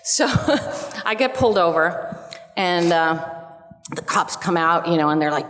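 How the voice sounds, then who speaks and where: A woman from Canada on a convention panel, telling an animated story and acting out her own lines. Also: fairly low pitch, normal speed. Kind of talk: casual anecdote telling. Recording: echoey convention hall.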